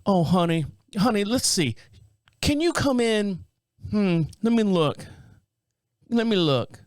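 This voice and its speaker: Man putting on a high, syrupy Southern receptionist. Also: lively intonation, no room sound, studio quality. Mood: sweet. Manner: calls everyone honey, drawn-out and folksy. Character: chatty sweet-talking female clinic receptionist.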